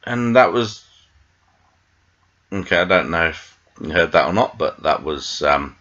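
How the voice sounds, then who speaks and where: A man's voice: low voice, animated, unhurried, a bit bright, highs cut off. A British man reviewing a TV episode in a meandering, tangent-filled casual chat, full of fillers. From Britain. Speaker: TV show reviewer.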